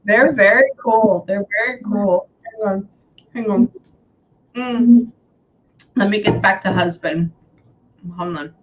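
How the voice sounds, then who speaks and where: A woman's voice: medium pitch, slow pace, pauses often, lo-fi sound. A woman working as a psychic medium, chatting casually and saying "hang on" often while she passes on messages. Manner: chatty, repeats "hang on", relays quotes. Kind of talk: casual reading session.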